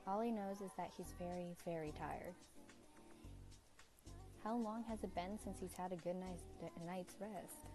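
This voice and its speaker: A young woman narrates a game's story aloud and breaks off to joke with her viewers in a playful way. Her voice sits a bit low, and clear background music plays under her. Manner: playful, laughs and chats to viewers between lines. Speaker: streamer reading a game aloud. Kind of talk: game narration with live commentary.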